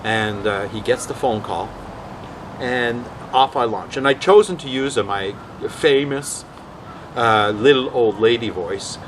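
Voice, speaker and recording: A man's voice: mid-range voice, measured pace, background noise. A man telling rambling anecdotes in a casual vlog, often acting out what others said. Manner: rambling, animated, quotes others in voices. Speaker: vlog host.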